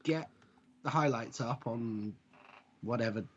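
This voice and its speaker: A man's voice: medium pitch, slow, breathy edge. A man co-hosting a wrestling podcast, talking in a rambling, jokey way and often correcting himself. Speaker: podcast co-host. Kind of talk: casual chat. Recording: dull lo-fi audio.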